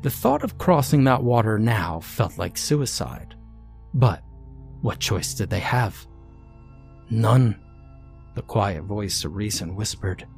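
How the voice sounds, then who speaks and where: A man narrating a scary story in a slow, deliberate, ominous scripted reading. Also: on the low side, vocal fry.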